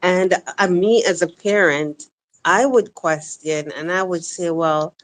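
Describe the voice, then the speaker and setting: Woman co-hosting a stream, lowish voice, blunt, kinda scolding. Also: takes it slowly. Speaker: co-host on a live stream. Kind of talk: casual live-stream chat.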